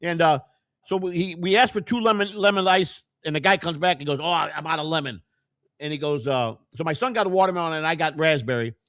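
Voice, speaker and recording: An older American man chats quickly, his voice sitting a bit high for a man. He tells long rambling stories, circling back with restarts and acting out what others said. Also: fairly bright tone, no echo, clean studio sound. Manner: rambling storyteller, many restarts. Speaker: co-host. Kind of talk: casual chat.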